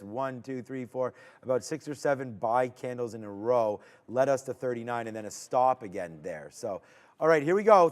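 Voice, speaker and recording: Smooth-voiced man calling live trades. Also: mid-range voice. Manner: restless, urging the price on, rising to excited shouts. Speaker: stock trading stream host. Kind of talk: live trading commentary.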